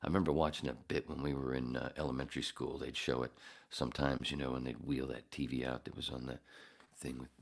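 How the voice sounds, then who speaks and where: Male podcast host, husky low voice, profane rambling monologue. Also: flat delivery, quick pace. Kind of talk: casual monologue.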